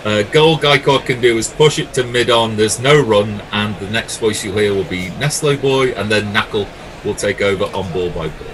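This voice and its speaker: A man giving live ball-by-ball cricket commentary, with lively calls and jokey banter with his co-commentator. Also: on the low side, normal speed.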